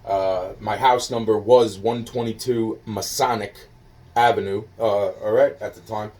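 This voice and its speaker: A man on a phone call, rambling and halting, full of fillers and swearing, slowly spelling things out while sounding foggy and hungry. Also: lowish voice, fairly even intonation, a little mellow, distant mic. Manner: halting, filler-heavy, scattered. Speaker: caller.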